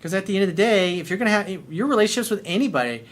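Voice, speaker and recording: A man's voice: high-pitched, expressive, very fast. A man giving dating advice in a video coaching monologue, blunt and emphatic, swearing freely.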